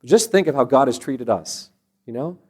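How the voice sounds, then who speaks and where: His mid-range voice is expressive and a bit breathy, delivered at a normal speed. The man, a Christian parenting speaker, gives a heartfelt sermon-style lesson illustrated with stories, often going back to restart phrases as he builds toward his point.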